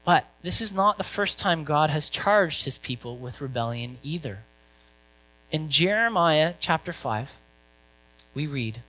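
A man's voice: fairly high pitch, sharp tone, poor audio. A male pastor giving a conversational sermon, asking rhetorical questions and reading scripture.

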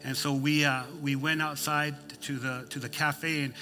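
A man's voice: a little high, little pitch movement, moderate pace, pushed and bright. A male pastor preaching a sermon, folksy and emphatic, telling a story with many restarts.

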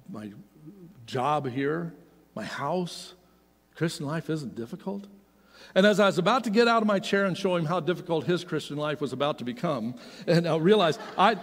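A middle-aged man telling a personal story as a sermon, animated and swinging from loud to hushed. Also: on the high side. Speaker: pastor. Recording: long hall reverb.

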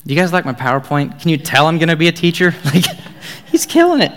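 A man's voice: a little high, fairly even intonation, fast talker, fairly bright tone. A young man, giving a casual, joking Bible talk as a youth speaker. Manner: casual, joking, upbeat storytelling.

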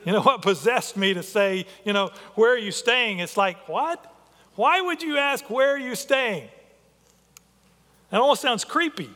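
A male pastor delivers a sermon in a high, bright voice. He is earnest and thinks aloud, often stopping to restart a sentence. The sound carries a long reverb, as in a large hall. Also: expressive, unhurried. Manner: earnest, with frequent restarts and filler.

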